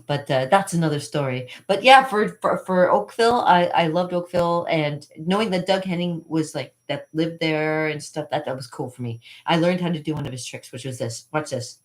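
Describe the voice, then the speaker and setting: A woman with a low, deep speaking voice who hosts a magic channel. She tells childhood stories in a loose, digressive way, laughing often and leaning on "uh" and "you know.". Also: normal speed, hardly any pauses. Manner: chatty, digressive, laughs often, many fillers. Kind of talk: rambling personal storytelling.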